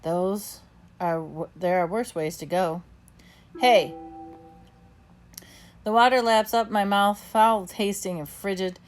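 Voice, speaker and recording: A woman reading a children's novel aloud in the first person, with expressive storybook narration. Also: mid-range voice, takes it slowly, long pauses, faint music behind. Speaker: audiobook narrator.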